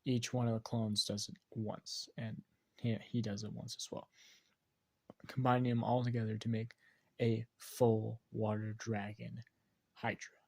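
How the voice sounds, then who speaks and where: A man's voice: lowish voice, little pitch movement, unhurried, creaky. A man casually narrating a fan-fiction story, rambling with restarts. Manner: rambling, many fillers and restarts.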